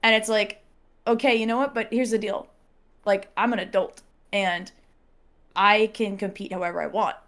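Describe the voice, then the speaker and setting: A young woman in casual chat, telling a personal story with lively acted-out quotes and frequent laughter. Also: mid-range voice, normal speed. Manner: animated storyteller, acts out quotes, laughs often. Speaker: podcast guest.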